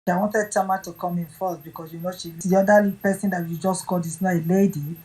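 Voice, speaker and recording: A woman in an online group audio chat, speaking quickly and insistently as she asks to speak. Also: fairly low pitch, steady tone, darkish tone, poor audio. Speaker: participant in an online audio space.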